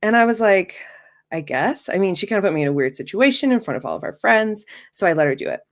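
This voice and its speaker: A woman's voice: mid-range voice, animated, quick pace. A woman in her thirties telling a true first-person story live, in a wry, self-mocking, conversational way.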